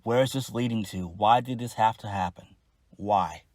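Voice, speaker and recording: A man's voice: fairly low pitch, moderate pace, a little mellow, no echo. A man giving a casual solo wrestling review, blunt, exasperated and profane.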